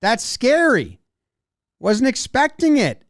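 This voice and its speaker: A man's voice: very high-pitched, huge pitch swings, slow pace, no room sound, pitched above the performer's own voice, full character voice. A man voicing a rattled young male catcher, wide-eyed and anxious, in a dry room. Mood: alarmed. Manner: anxious, exclaiming.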